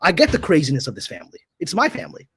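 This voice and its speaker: A man's voice: a little high, huge pitch swings, racing, a bit bright, slightly rough, no echo. A man, a guest on a podcast, lecturing in a provocative, opinionated way. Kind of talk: casual podcast chat.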